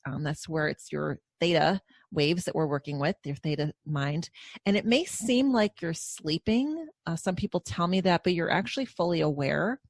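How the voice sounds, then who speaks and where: A woman hypnosis practitioner explaining her work in a calm, steady way as a podcast guest. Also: on the low side, no room sound. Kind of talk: podcast interview.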